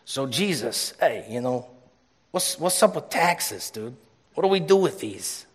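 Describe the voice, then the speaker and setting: A man's voice: medium pitch, very animated, unhurried, husky. A man voicing a Pharisee with a playful mock Chicago accent, asking a slangy, casual challenge. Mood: challenging.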